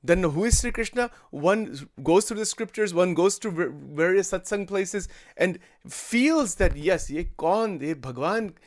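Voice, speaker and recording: A man's voice: high-pitched, animated, unhurried, few pauses. A man giving a daily spiritual satsang discourse, explaining at length, repeating words and shifting between English and Hindi. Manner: frequent restarts and stammers. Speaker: spiritual teacher.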